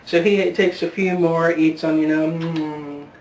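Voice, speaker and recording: A man vlogging, telling a joke in a halting, rambling way full of fillers and restarts, on a distant camera mic at home. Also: a little high, steady tone, darkish tone. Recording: roomy echo, far from mic, faint hiss.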